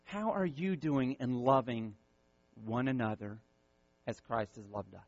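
A male pastor preaching an impassioned sermon, repeating words and swinging from loud peaks to soft, quiet lines. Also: mid-range voice, very animated, a little slow, no echo, muffled recording.

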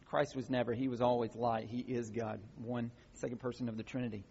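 Husky-voiced man preaching in a hall. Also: medium pitch, little pitch movement, a little fast, darkish tone. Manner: teaching, builds to emphatic exhortations. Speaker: pastor. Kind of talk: sermon. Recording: muffled sound with long hall reverb.

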